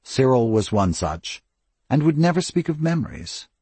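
Expressive male narrator, husky, lively, dry close sound; fits first-person audiobook. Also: medium pitch, normal speed, dry recording.

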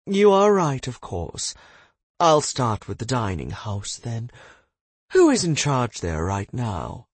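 A man's voice: mid-range voice, wildly swooping pitch, slow pace, breathy edge, dry recording, voice pushed up, exaggerated voice. A man voicing a vain, gossipy woman who runs a house, talking proudly and smugly. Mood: eager. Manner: proud, smug, chatty.

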